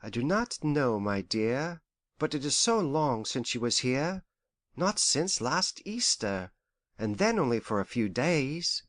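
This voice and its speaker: An actor playing a gentle, anxious elderly father who frets and complains softly in an audiobook. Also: medium pitch, very animated, takes it slowly, no echo. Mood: fretful. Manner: worried, lingering, softly complaining. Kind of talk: audiobook character voice.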